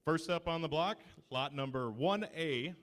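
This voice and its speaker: A man's voice: fairly high pitch, a little slow, a bit bright. A man from Michigan introducing himself as an auction contestant and presenting his lot politely.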